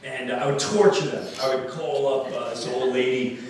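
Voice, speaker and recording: A man doing stand-up storytelling on stage, animated and laughing along with his own story. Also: mid-range voice, normal speed. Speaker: stand-up comedian. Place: live concert venue stage. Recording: echoey venue, distant mic, noisy.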